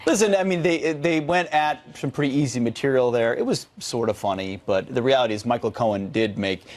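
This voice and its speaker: A man co-hosting a morning news show, talking in an animated, emphatic way with lively banter. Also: mid-range voice, fairly quick.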